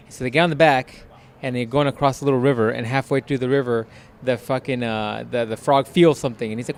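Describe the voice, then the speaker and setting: A man's voice: mid-range voice, steady tone, fast talker. A young man co-hosting a casual podcast, joking around and retelling stories with playful put-on voices. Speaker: podcast co-host.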